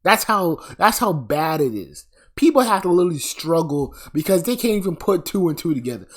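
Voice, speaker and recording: A man's voice: fairly high pitch, big pitch swings, fairly quick. A man delivering a blunt, profane commentary rant, sounding exasperated and weary. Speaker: commentary vlogger.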